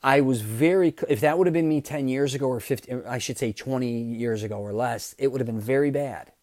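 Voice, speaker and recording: A man hosting his own podcast, telling a story in a casual, animated way, swearing and swinging from loud outbursts to low asides. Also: brisk, no room sound, clean studio sound. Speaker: podcast host.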